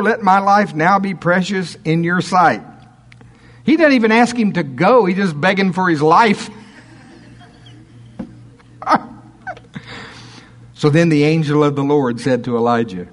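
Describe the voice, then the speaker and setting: A man preaching a sermon, reading scripture aloud and breaking off into chuckling asides. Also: fairly high pitch.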